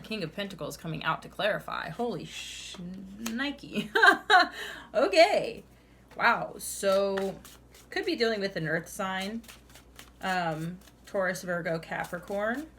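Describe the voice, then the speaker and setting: A woman's voice: mid-range voice, lively intonation, measured pace, fairly bright tone, slight background noise. A young woman giving a casual tarot reading, chatty and full of "like"s, laughing often and calling the listener "honey". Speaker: tarot reader.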